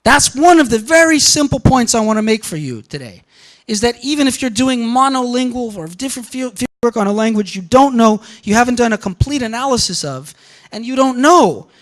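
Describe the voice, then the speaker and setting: A man lecturing a class in an animated way, often quoting example sentences and breaking off mid-thought. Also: extremely high pitch, brisk. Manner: animated, quotes example sentences, interrupts himself.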